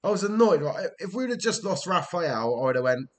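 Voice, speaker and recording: A man's voice: a little high, sing-song, brisk. A man from Wales giving casual commentary while playing a game, talking to himself, exasperated and swearing. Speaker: gameplay commentator.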